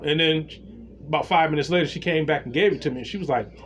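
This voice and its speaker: A man telling a story in a casual rant, blunt and slangy, with lively retellings. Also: a little high, quick pace.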